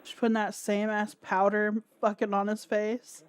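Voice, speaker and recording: A woman's voice: medium pitch, monotone, moderate pace, clean tone. A woman hosting a livestream, reacting to a video with crude jokes and frequent laughter. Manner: crude, joking, laughs often. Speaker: podcast host. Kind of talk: casual livestream commentary.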